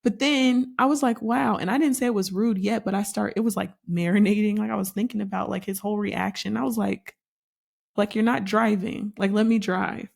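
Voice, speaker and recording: Animated woman telling a story. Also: mid-range voice, brisk, creaky, few pauses. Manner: animated storytelling, acts out quotes. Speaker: podcast co-host. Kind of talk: casual chat.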